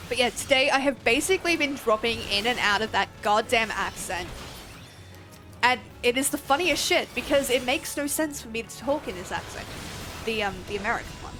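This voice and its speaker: Her voice is fairly high and sharp, expressive and a little fast, with soft music behind it. This young Australian game streamer keeps up a rambling, casual chat, laughing and swearing without holding back.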